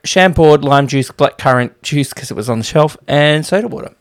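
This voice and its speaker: A man co-hosts a relaxed movie review show. He keeps up a stream of dry wisecracks in easy conversation with his brother. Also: fairly high pitch, normal speed. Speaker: podcast co-host. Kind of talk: casual movie review chat.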